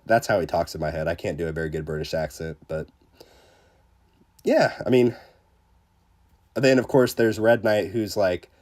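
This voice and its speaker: Speaking in a deep voice at normal speed with frequent pauses, a male livestreamer gives casual commentary on his live gameplay. He fills his chatter with fillers, says hello to viewers, and teases himself with excitable self-deprecation.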